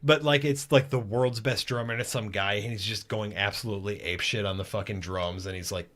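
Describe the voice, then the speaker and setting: A man's voice: on the low side, fairly even intonation, a little fast, a bit bright. A middle-aged man co-hosting a podcast, rambling and swearing in casual chat and joking at his own expense. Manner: rambling, profane, self-mocking. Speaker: podcast co-host.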